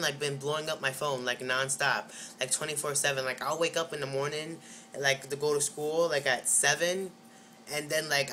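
A teenage boy vlogging from home into a webcam, his voice bright and a touch tense. He rambles through his story, full of fillers and restarts, with an exasperated edge. A faint hiss of noise sits under the recording. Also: a little high. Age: teens. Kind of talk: casual vlog storytelling.

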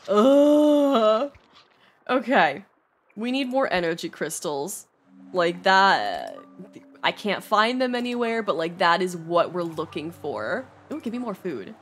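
A woman's voice: lowish voice, big pitch swings, measured pace, fairly bright tone. Stressed, swearing woman streamer. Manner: stressed, swears often, laughs, reads game text aloud. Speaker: streamer playing a video game. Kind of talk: casual gameplay commentary. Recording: faint game music behind.

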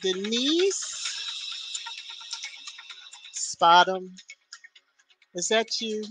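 A woman's voice: medium pitch, sing-song, drawn-out words. A woman hosting a casual live stream, greeting viewers one by one by name and lifting her voice on each greeting. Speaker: livestream host. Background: soft background music.

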